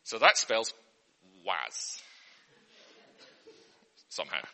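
Very bright, lively man. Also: low-pitched, extremely slow, vocal fry. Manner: earnest teacher patter, flustered and self-interrupting. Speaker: comedian. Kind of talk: mock spelling lesson for an audience. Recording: long hall reverb.

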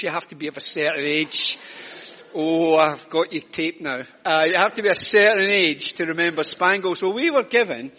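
A man's voice: fairly high pitch, pushed and bright. An older Scottish man giving a chatty, self-mocking children's talk during a church service. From Scotland. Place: church hall. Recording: reverberant church hall.

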